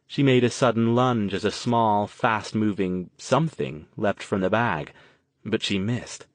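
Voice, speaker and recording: A man narrating an audiobook in a steady, even storytelling manner. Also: lowish voice, a little slow, no echo. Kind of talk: scripted narration.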